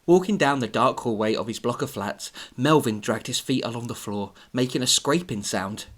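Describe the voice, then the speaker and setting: A man hosting a podcast, reading a story aloud with giggly, animated asides. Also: mid-range voice, normal speed. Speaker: podcast host and story reader.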